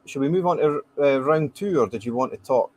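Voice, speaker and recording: A man's voice: mid-range voice, a little fast. A Scottish man, a guest running a blind whisky challenge, talking in an easygoing, teasing way with small stumbles. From Scotland. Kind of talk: casual chat.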